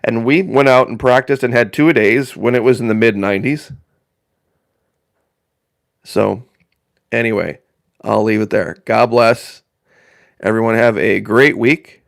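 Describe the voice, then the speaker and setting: A man's voice: mid-range voice, steady tone, measured pace, creaky, pauses often, no echo, studio quality. A man from northern Indiana hosting a live stream in casual chat, rambling in a folksy way and repeating phrases for emphasis.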